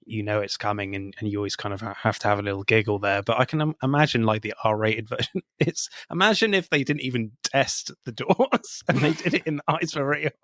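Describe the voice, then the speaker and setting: A man's voice: medium pitch, a bit bright, dry recording. Give me a jokey man on a dry mic. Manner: jokey, quick to giggle. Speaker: podcast co-host. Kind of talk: casual film chat.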